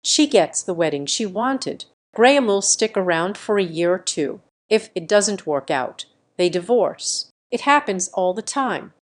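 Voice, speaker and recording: A woman voicing a cold, scheming middle-aged father in calm, flat tones in a narrated story. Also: medium pitch, measured pace, few pauses, natural voice. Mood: offhand.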